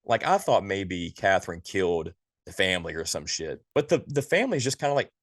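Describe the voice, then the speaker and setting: Male podcast co-host, very low voice, dry close sound, exasperated and profane ranting. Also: big pitch swings, a little fast, no echo. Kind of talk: casual movie review chat.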